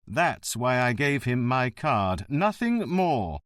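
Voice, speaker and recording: A man's voice: mid-range voice, very animated, takes it slowly, a bit bright, dry recording, studio quality. A man voicing a polite, officious middle-aged government official explaining himself at length.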